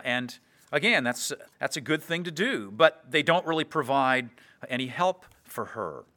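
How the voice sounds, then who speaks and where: A man preaching an expository sermon, earnest, slowing down to read scripture verses aloud. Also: on the high side, bright, forceful tone.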